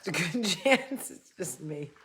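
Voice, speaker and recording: A woman with a New Jersey–New York accent hosts a loose storytelling chat. She is a bit tipsy and slow-paced, and she drifts into jokey, off-the-cuff asides. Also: fairly low pitch, animated, fairly bright tone, slight background noise. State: tipsy from drinking. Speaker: host. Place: indoors, seated in a chair.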